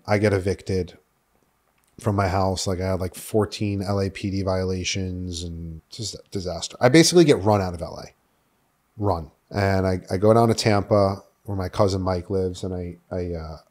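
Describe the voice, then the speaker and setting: A young man from New York City with a fairly low voice tells his story as a podcast guest. He rambles, swears often and fills his sentences with "like". It sounds candid and unscripted. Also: a little mellow. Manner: rambling, profane, filler-heavy with "like".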